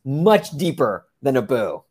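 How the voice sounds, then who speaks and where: A man co-hosting a casual sports podcast, animated and laughing, repeating phrases for emphasis. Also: mid-range voice, unhurried, crowd noise. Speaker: podcast co-host.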